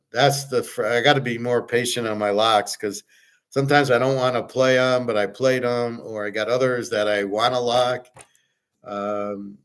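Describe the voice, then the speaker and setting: A man hosts a sports betting talk with rambling, excited energy. He curses casually and trips over his own restarts as he runs through his picks. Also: mid-range voice. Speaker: sports betting show host.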